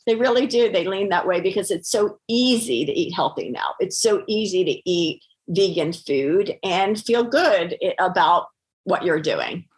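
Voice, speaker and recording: A middle-aged woman with a somewhat low voice talks earnestly as a podcast guest. She restarts her sentences often and fills the gaps with "um" and "you know.". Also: measured pace. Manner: earnest, many fillers and restarts. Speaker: podcast guest, holistic doctor. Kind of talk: conversational interview.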